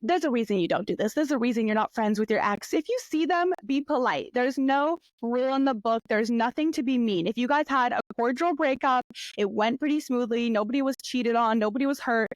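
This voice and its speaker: A young woman hosting a podcast, chatting and telling stories in a lively way, often jumping up into high voices when she quotes people. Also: brisk, no room sound. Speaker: podcast host. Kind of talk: casual solo podcast storytelling.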